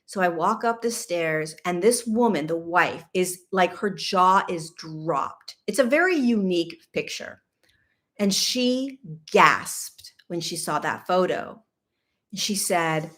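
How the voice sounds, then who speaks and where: Woman host, middle-aged, animated and candid storytelling, chatty asides. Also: lowish voice, unhurried. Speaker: podcast host. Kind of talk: personal storytelling.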